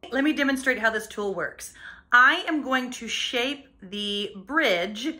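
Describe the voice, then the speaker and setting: Bright high-voiced woman vocal coach. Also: expressive, a little slow. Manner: explains technique plainly, then sings short demo lines. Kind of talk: singing lesson with sung demonstrations.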